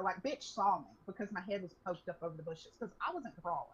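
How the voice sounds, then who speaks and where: A young woman casually telling an animated story to a friend, swearing freely. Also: medium pitch, normal speed, breathy edge. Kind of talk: casual chat. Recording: dull lo-fi recording.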